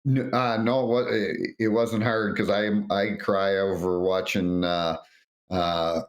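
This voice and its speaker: A middle-aged man, a former referee, telling lively anecdotes in an interview and acting out what others said. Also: deep voice, slow. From North America. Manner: animated anecdotes, acts out quotes. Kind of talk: storytelling interview.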